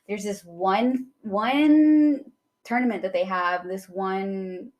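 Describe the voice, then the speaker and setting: A young woman co-hosting a podcast in casual chat, animated and quick to act out characters' lines. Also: highs cut off. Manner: animated, acts out characters' lines in quick shifts of pitch and volume. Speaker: podcast co-host.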